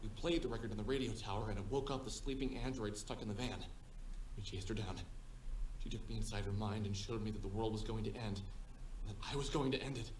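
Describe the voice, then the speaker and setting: A man plays a lost young man drifting through his memories in a game, talking in a soft, searching inner monologue. His voice sits low and sounds distant in a roomy space. A faint hiss runs beneath it. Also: fast, lightly acted. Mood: wistful. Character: young man lost in his own mind, recalling his life. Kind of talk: game voice acting.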